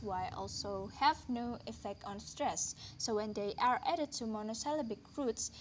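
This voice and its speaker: A woman with a somewhat high voice reads a linguistics lesson aloud, careful and deliberate. She slows down on each example word. A faint hiss sits under her voice. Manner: careful, deliberate reading, slowing on example words. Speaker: lecturer.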